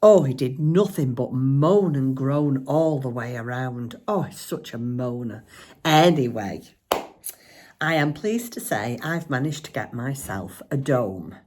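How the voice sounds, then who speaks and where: An older woman, a grandmother who vlogs about crafting, chats casually while showing off a shopping haul, giggling and teasing. Her voice is extremely low, expressive and darkish in tone, and she takes her time.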